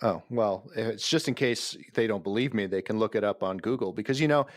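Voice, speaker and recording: A man's voice: on the low side, fairly quick, no echo, clean studio sound. A man from Minnesota co-hosting a casual podcast chat, playful and teasing, with a self-deprecating humor. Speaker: podcast co-host.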